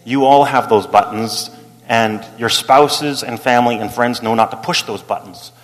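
A middle-aged male pastor preaching a sermon as an animated story, acting out the people he quotes and laughing as he goes. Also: medium pitch, moderate pace. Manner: animated, acts out quotes, laughs while telling. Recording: long hall reverb.

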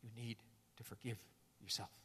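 A man voicing a gentle, comforting man who speaks softly and tenderly to frightened friends, heard with a long hall echo. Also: on the low side, little pitch movement, moderate pace, a little hiss or hum, pitched below the performer's own voice. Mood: tender, reassuring. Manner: soft, hushed, tender.

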